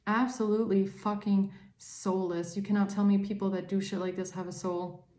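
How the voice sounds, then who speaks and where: A woman tarot reader at a middle pitch, speaking straight to her viewers. She rants hard and swears often, and her tone is mellow and dark. The room around her gives a clear echo. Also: little pitch movement, moderate pace. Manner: angry ranting, heavy swearing. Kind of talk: tarot reading to camera.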